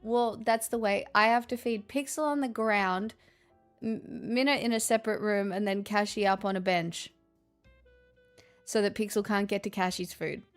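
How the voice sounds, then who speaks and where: Chatting casually with her live viewers, an Australian host speaks at an ordinary middle pitch with a steady tone and moderate pace. Her humor is dry, sarcastic and often aimed at herself, while faint music plays in the background.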